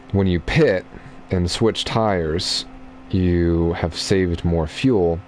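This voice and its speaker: Low-voiced, unhurried young man streaming. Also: a little hiss or hum. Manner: relaxed, chatty, explaining racing strategy. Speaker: game streamer. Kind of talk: casual gameplay commentary.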